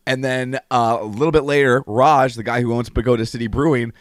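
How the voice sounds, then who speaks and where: A man hosting a radio show, chatting casually, hoarse and talking with a slight lisp from a swollen tongue, with lots of fillers. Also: medium pitch, fairly even intonation, fairly quick, no room sound, studio quality. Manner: chatty storytelling with frequent fillers. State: hoarse, lost voice. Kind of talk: casual chat.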